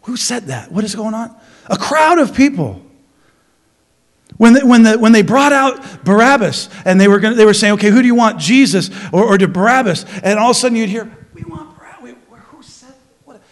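A man preaching a sermon as pastor, animated, acting out crowd voices, with many restarts. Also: sits high, brisk.

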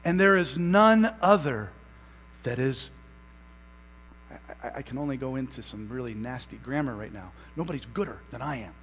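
A man's voice: mid-range voice, expressive, a little hiss or hum. A young man preaching a sermon as pastor, emphatic, stretching out key words and restarting phrases. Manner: repeats phrases, halting restarts. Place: church sanctuary. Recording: tinny phone-like sound in a long-echo hall.

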